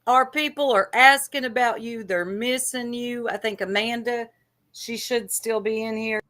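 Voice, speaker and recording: A woman's voice: fairly high pitch, fairly even intonation, a little slow, bright, forceful tone. A woman co-hosting a livestream, chatty and teasing as she reads the chat aloud. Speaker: livestream co-host.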